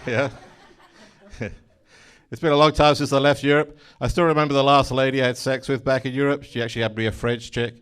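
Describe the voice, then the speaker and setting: A man's voice: mid-range voice, fairly even intonation, fast, a bit bright, smooth. A man in his forties with an English accent, doing stand-up with dry, mock-indignant punchlines. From England. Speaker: stand-up comedian. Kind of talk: stand-up comedy.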